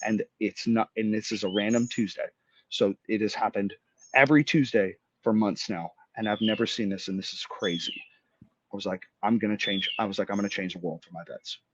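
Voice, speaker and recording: A man's voice: on the low side, steady tone, fairly bright tone, slight background noise. Blunt, muffled-sounding veteran man. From Florida. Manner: blunt, swearing, fast-building retelling. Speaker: podcast guest, army veteran. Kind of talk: emotional storytelling in conversation.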